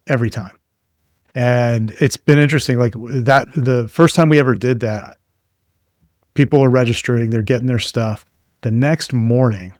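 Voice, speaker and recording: A man being interviewed as a guest expert, telling relaxed anecdotes full of fillers in a conversational way. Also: mid-range voice, dry recording, clean studio sound.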